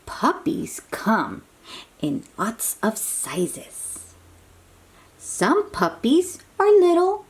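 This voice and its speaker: A woman reading a picture book aloud to toddlers, animated and sing-song and coaxing, sometimes dropping to soft whispers. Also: fairly high pitch, slow pace. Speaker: children's book reader.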